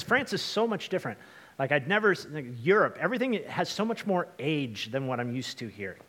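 A young man from Washington state preaching a storytelling sermon, chatty and lively, with lots of fillers and asides to the congregation. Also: a little high. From Washington state, USA. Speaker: pastor.

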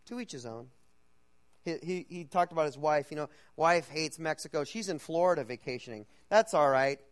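Man, storytelling sermon, conversational, halting, lots of fillers, speaking to a crowd. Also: a little high.

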